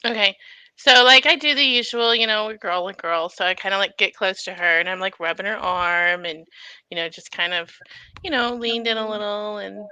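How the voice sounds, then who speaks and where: Brief: female player, bright tense voice, dry sound, chatty and loose. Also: medium pitch, normal speed, clean tone, no room sound, low-quality recording. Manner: casual, fillers like you know and like. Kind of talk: casual tabletop play.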